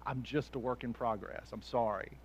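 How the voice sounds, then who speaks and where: A man preaching a sermon as a pastor, animated, often laughing and acting out voices, swinging from hushed asides to loud peaks. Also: mid-range voice, normal speed, highs cut off, slight background noise.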